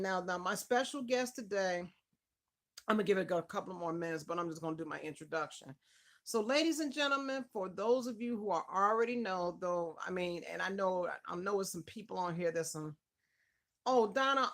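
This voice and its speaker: A woman hosting a casual live stream interview from home. She is effusive and warm toward her regulars, calling out viewers by name as she waits to begin. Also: mid-range voice.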